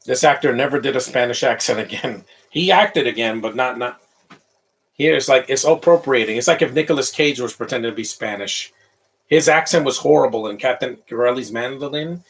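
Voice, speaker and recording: A man's voice: medium pitch, fairly quick, gravelly, rough recording. A man in his thirties giving casual, opinionated live commentary over a movie, rambling with frequent restarts.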